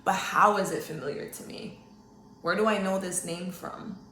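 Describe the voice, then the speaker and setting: A woman's voice: on the low side, fairly even intonation, normal speed, fairly bright tone, reverberant, a little hiss or hum. A woman hosting a solo podcast, chatting casually and talking straight to her listeners with frequent okays. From Canada. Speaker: podcast host. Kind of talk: solo psychic-reading podcast talk.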